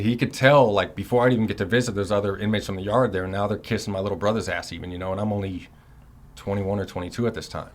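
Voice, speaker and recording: A man's voice: fairly low pitch, fairly even intonation, fast talker. A man in his thirties telling a long story in a casual, rambling way, full of swearing and "you know"s. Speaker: son recounting his prison years.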